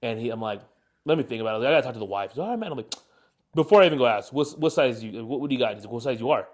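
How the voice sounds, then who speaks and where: Fast talking guy in his 20s rambling thru a story on a podcast, lots of likes and bros. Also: medium pitch, lively intonation. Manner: rambling storyteller with many fillers. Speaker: podcast co-host. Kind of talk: casual chat, storytelling.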